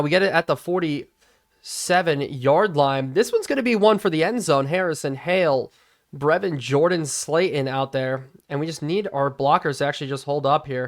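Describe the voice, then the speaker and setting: A young man hosting a gaming video, giving excitable play-by-play commentary on a football video game he is playing from his home studio, swinging from calm analysis to shouting. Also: fairly high pitch. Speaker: gaming channel host.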